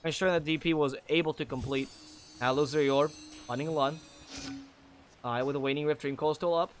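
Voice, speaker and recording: Male solo esports caster, rapid and slightly high-pitched, opinionated with frequent self-corrections. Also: steady tone. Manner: opinionated, drifts into critical rants. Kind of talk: solo play-by-play commentary.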